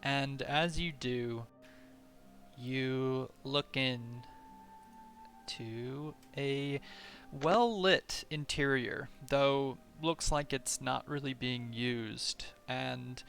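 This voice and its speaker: A man narrating a tabletop session as game master, easygoing and full of ums and uhs. His voice has a gravelly edge. Faint music plays under him. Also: mid-range voice. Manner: relaxed, filler-heavy narration.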